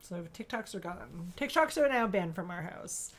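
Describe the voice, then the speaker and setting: A woman in her thirties co-hosting a casual podcast, blunt and quick to swear, often mimicking her kids. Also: lowish voice, expressive, breathy edge. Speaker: podcast co-host. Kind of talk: casual chat.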